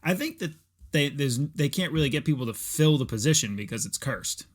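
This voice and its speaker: Co-hosting a podcast, a man with a fairly high, animated voice talks briskly in a casual, rambling chat. He swears freely and fills his speech with fillers and restarts.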